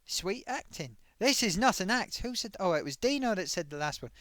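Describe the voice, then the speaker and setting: Bloke on a live stream chatting away, bouncy lively voice, dry close sound, bit amused at himself. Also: male voice, high-pitched, normal speed, no echo. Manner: chatty, self-amused, reads out forum comments. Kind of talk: casual live stream chat.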